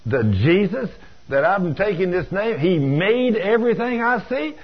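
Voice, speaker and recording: A man voicing an eager, wide-eyed young male delivery driver, husky over a dull lo-fi broadcast. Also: high-pitched, sing-song, normal speed, pitched above the performer's own voice, exaggerated voice. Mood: amazed.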